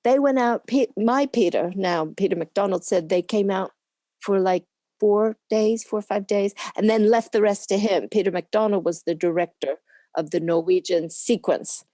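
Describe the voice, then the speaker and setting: A woman's voice: mid-range voice, normal speed, dark tone, no echo, studio quality. An older woman, a camera assistant being interviewed, talking casually and rambling on with frequent laughs. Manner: chatty, rambling, laughs often.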